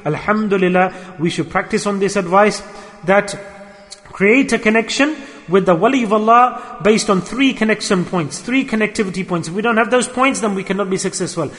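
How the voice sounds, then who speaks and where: High-voiced man preaching in a reverberant hall. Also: a little fast, fairly bright tone. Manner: earnest, repeats phrases for emphasis. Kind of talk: storytelling sermon.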